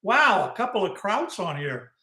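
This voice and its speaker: A man's voice: sits high, sing-song, moderate pace, sharp tone, a little hiss or hum. A man from Germany co-hosting a casual chat, friendly and explaining in rambling restarts. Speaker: co-host. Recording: echoey room.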